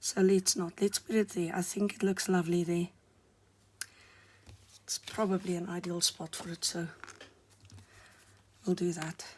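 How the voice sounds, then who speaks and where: A woman talking softly to the camera while she decorates a journal cover, often dropping to a murmur or whisper as she works, her voice still hoarse. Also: fairly low pitch, little pitch movement, unhurried, pauses often, slight background noise. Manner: soft-spoken, murmuring while working, frequent near-whispers. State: hoarse, recovering voice. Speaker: craft vlogger. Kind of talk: casual crafting commentary.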